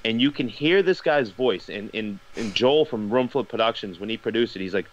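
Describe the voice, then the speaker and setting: A man's voice: fairly low pitch, lively intonation, normal speed, few pauses, highs cut off. A man casually telling a rambling story on a podcast call, repeating "I was like" as he goes. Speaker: guest.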